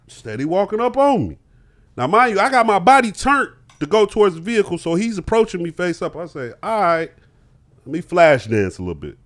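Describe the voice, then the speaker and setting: Young man, podcast guest, lively high-pitched storyteller who acts out every voice. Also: normal speed. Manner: acts out both sides of an argument, laughing as he tells it. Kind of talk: animated storytelling.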